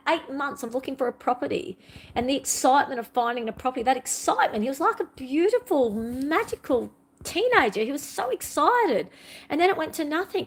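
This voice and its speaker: Middle-aged woman, fairly high voice, raw and earnest spiritual vlogger, repetitive confessional delivery. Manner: earnest, repetitive, pouring out her feelings. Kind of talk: emotional confessional monologue.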